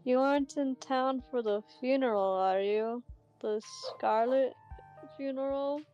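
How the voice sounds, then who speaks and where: A woman reading out the lines of a friendly small-town young woman in a game, speaking in a slow, gentle, neighborly way. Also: high-pitched, clean tone, lo-fi sound, faint music behind. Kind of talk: reading game dialogue aloud.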